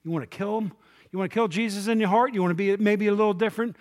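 A man's voice: sits high, racing. A male pastor preaching a conversational sermon in church, with asides and questions to the congregation.

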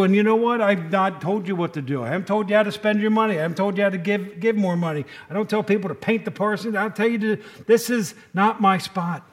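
High-voiced man preaching a sermon. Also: fast talker, hardly any pauses. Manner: conversational storytelling sermon, acting out quoted voices; rises to urgent exhortation. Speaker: pastor.

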